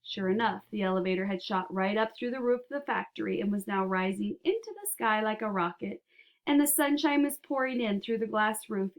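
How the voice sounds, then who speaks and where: A woman narrating a children's book aloud, with expressive, animated storytelling. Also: medium pitch, brisk. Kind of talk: audiobook narration.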